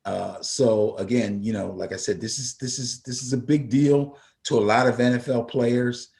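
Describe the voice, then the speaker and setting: A man with a mid-range, gravelly, slightly mellow voice co-hosts a casual football show, talking at a normal speed with fairly even intonation. It's easygoing sports radio chat, but he gets emphatic and repeats words when fired up.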